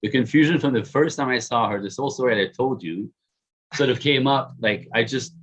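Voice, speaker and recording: A man on a podcast telling the story of how he met his partner, animated and self-mocking, laughing often. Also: medium pitch, a little fast, dull audio.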